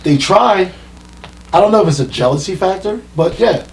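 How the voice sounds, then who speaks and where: A man who is a guest in a casual round-table chat, an excitable storyteller who acts out what people said. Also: sits high, normal speed. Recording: slightly distant mic with faint hum.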